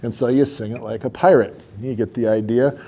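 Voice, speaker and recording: A male educator explaining in a casual, friendly way how he teaches children a song, pausing with an occasional um or uh. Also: medium pitch, creaky, heavy background noise. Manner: friendly, relaxed, with fillers like um and uh.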